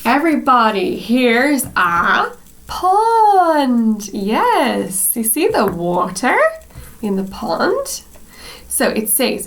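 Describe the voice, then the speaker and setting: A woman teacher reading a picture book aloud to young learners of English, slow and encouraging, often addressing the children directly. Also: high-pitched, big pitch swings, a bit bright. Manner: slow, exaggerated, encouraging, speaks to the children as "everyone".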